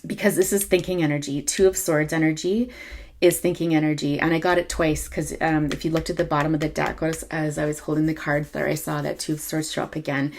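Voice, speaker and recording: A woman reading tarot cards to camera in a casual, halting way, full of ums and self-corrections. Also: low voice, little pitch movement, darkish tone, a little hiss or hum. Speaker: tarot reader.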